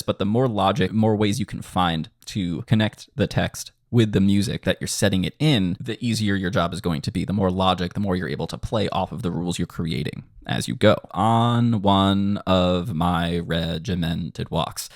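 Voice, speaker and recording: Teaching songwriting in a screen-share online tutorial, this enthusiastic music composition teacher sounds out syllables to demonstrate word stress. He has a lowish voice, and the recording is dry and clean like a studio.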